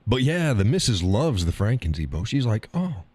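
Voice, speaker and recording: A man's voice: on the low side, big pitch swings, moderate pace, darkish tone, slightly rough, no echo. A man hosting a casual live stream, joking in a folksy way, reading viewers' comments aloud and laughing often.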